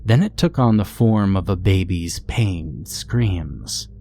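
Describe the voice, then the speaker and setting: A man narrating a horror story in a steady, ominous storytelling manner. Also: sits low, takes it slowly, slight background noise. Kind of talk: scripted narration.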